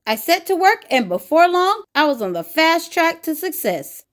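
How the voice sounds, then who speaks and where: A woman's voice: extremely high pitch, very animated, fairly bright tone, heavily acted. A woman doing a pompous bragging cheese. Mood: boastful. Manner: pompous, showy, drawn-out bragging. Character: boastful showbiz cheese craving attention. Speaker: children's book reader. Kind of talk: picture book read-aloud.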